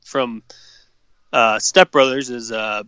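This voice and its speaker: A man's voice: medium pitch, fairly even intonation, slow, sharp tone, smooth, dry recording, highs cut off. A young man co-hosting a podcast, chatting in a laid-back, profane way with many hesitations. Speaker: podcast co-host. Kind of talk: casual chat.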